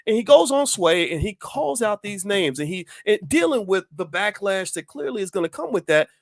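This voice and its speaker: High, lively man giving passionate commentary. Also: normal speed, gravelly, no room sound, clean studio sound. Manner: impassioned, emphatic, full of rhetorical questions. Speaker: channel host. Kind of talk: opinion commentary monologue.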